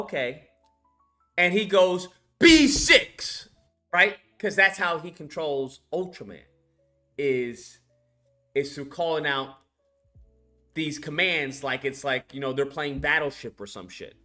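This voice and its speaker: A man's voice: a little high, measured pace, soft background music. A man casually recapping a film scene by scene, swearing a lot and acting out the characters as he goes. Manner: profane, animated, retells scenes by acting them out. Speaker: film reviewer.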